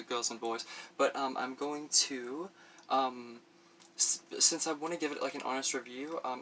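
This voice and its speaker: A man's voice: mid-range voice, sharp tone, a little hiss or hum. A man chatting through a casual makeup review for his vlog, rambling with many fillers and frequent laughs while he does his makeup on camera at home. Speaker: beauty vlogger.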